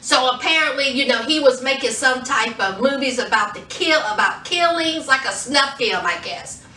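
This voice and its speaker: A woman recapping a TV episode in a casual, animated way, acting out the characters' lines. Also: high voice, normal speed, echoey room, far from the mic. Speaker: TV show reviewer.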